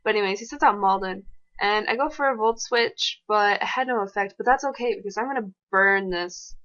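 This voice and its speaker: A woman giving casual, fast and excitable commentary over her own gameplay. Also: medium pitch, highs cut off.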